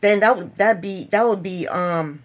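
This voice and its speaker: A woman's voice: mid-range voice, moderate pace. A woman casually recapping a reality TV episode, chatty and opinionated, retelling scenes and acting out quotes.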